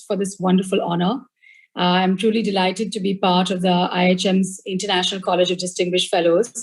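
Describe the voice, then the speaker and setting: A woman with a mid-range voice giving an acceptance speech over a video call. She thanks her hosts graciously and speaks in a measured way. Nothing about her voice or sound stands out. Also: mid-range voice, a little mellow. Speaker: award honoree.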